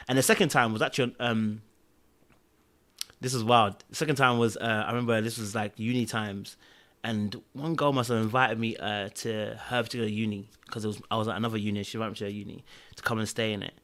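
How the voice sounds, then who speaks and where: A young man in casual podcast talk. He tells his story with energy, acting out the quoted lines, at an even middle pitch. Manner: animated storytelling, acts out quotes, fills with "da, da, da".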